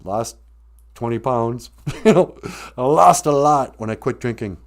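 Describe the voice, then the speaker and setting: A man's voice: mid-range voice, a little slow. Brief: male stream host, rambling comedic chat, laughs at his own jokes, mid-range voice. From Ojibwe reservation, US. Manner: joking, rambling, laughs often.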